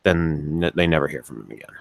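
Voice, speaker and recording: A man's voice: extremely low pitch, fast, gravelly, no room sound. A man co-hosting a casual podcast chat, rambling with frequent restarts and plenty of swearing. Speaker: podcast co-host.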